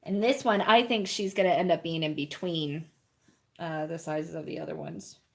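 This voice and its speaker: A woman's voice: low-pitched, steady tone, normal speed, gravelly. A woman chatting casually with her live-stream viewers while she paints, rambling and often laughing and cooing at puppies, indoors at a home.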